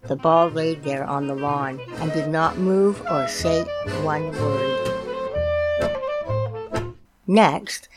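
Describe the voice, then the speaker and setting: A woman reading a children's picture book aloud, gently explaining things for young listeners. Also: sits low. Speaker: storytime reader.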